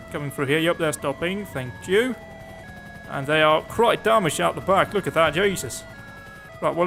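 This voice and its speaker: Chatty man narrating gameplay. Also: fairly high pitch. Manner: chatty, sarcastic, excitable outbursts. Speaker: gaming YouTuber. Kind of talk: gameplay commentary.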